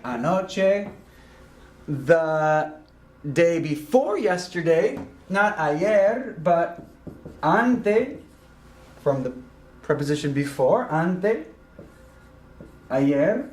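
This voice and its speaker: A man teaching a recorded grammar lesson, explaining slowly and deliberately with frequent ums and uhs. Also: a little high, echoey room. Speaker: Spanish teacher.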